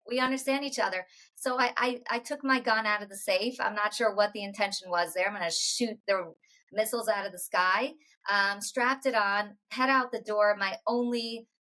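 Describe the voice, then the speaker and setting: A woman in her forties, a podcast guest, telling a personal story in a halting way, full of restarts and quoted dialogue. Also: mid-range voice, a bit bright, low-quality recording. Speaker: interview guest.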